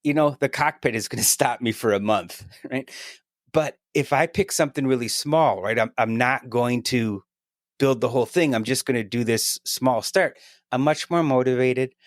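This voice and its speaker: A middle-aged man in an easygoing podcast chat, talking at an average pitch with lively energy. He keeps checking in with his listener with a quick "right?". His voice sits close and dry, with no room around it. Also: no echo. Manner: energetic, chatty, often adds "right?" to his points. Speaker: podcast guest. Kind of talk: casual podcast conversation.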